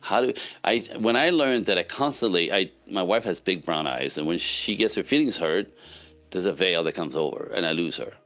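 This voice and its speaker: A man's voice: low-pitched, normal speed, soft background music. A man, a relationship coach speaking as a podcast guest, giving casual but emphatic advice and often checking in with "right?". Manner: emphatic, animated, frequent "right?" tags.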